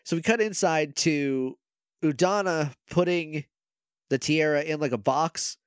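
A man's voice: on the high side, a little slow, clear, resonant tone, no echo, clean studio sound. A man co-hosting a podcast, chatting casually as he retells scenes with quoted voices and laughter. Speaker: podcast co-host. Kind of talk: casual recap chat.

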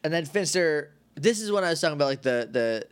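A man's voice: on the high side, animated, quick pace, smooth. A man co-hosting a podcast, casually recapping a TV episode in a rambling, jokey way. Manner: rambling, jokey, acts out quotes. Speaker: podcast co-host.

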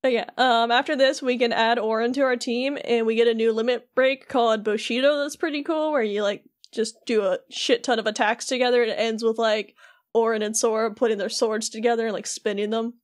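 A woman's voice: fairly high pitch, fairly quick. A woman co-hosting a podcast, casually recapping a video game and acting out the characters' lines. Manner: animated storytelling, acting out characters' lines with bits of laughter. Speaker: podcast co-host.

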